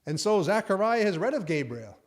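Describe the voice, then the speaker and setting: A man's voice: high-pitched, big pitch swings, fairly quick. A man preaching a conversational sermon in a folksy way, acting out the angel's and priest's lines.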